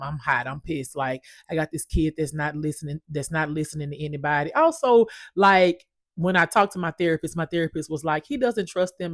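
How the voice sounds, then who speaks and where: Lively low-voiced woman telling a story. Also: no room sound, studio quality. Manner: animated, emphatic, swears freely. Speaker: parent telling her own story. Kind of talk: casual personal storytelling.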